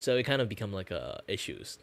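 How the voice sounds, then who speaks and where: A man chatting casually on his stream in his relaxed, lower natural register, rambling with lots of fillers. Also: fast, gravelly. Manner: rambling, filler-heavy, frequent laughs. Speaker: VTuber streamer and artist.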